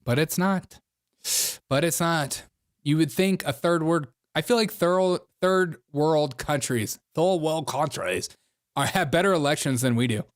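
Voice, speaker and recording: A man's voice: fairly high pitch, unhurried, no room sound, studio quality. A man hosting a casual political reaction show, sarcastic and often laughing between remarks. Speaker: host of a political commentary show.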